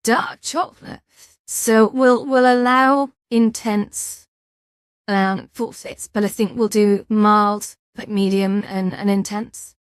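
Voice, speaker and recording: A woman's voice: medium pitch, fairly even intonation, slow, smooth, no room sound, studio quality. A tired woman streamer in casual chat, rambling and yawning between restarts. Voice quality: rambling, chatty, with frequent restarts and fillers.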